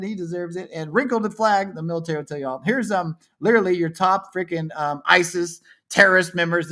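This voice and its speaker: A man hosting a livestream, commenting on shared images and swinging between low muttering and angry yelling, with a lot of swearing. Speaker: livestream co-host.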